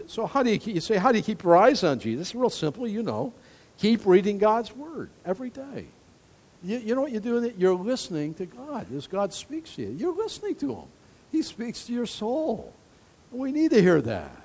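A male pastor preaching in a relaxed, conversational way, breaking off into stories and quick laughs with his congregation. His voice sits a little high for a man and swings widely in pitch, rising and dropping as he makes his points. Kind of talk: sermon.

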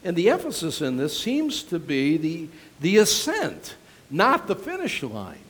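A middle-aged male pastor giving a conversational sermon, animated and storytelling, with frequent restarts. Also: fairly high pitch, measured pace.

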